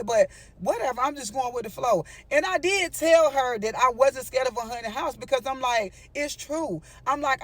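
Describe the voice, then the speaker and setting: Eine Frau mit hoher Stimme erzählt lebhaft und locker eine Geschichte und wendet sich dabei immer wieder direkt an ihr Publikum. Ihre Stimme steigt und fällt ausdrucksstark. Der Ton ist entspannt und plaudernd, wie bei einem Storytime-Video. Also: female voice, high-pitched. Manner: animated, addresses viewers with frequent asides. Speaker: storyteller vlogger. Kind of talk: casual storytime monologue.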